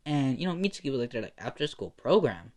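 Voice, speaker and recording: A young man improvising a fan story out loud in a rambling, slangy way full of fillers. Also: medium pitch, animated, rapid-fire.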